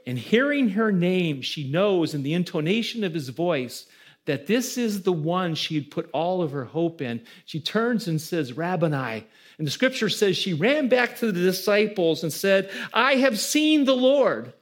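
High-voiced man preaching a sermon. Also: animated, normal speed. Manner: preaching with rising emphasis and audience questions. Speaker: pastor.

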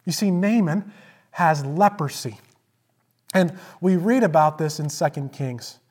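During a sermon, a pastor retells a story, repeating phrases for emphasis and swinging between loud declarations and hushed asides. His mid-range voice is expressive, unhurried, and slightly rough.

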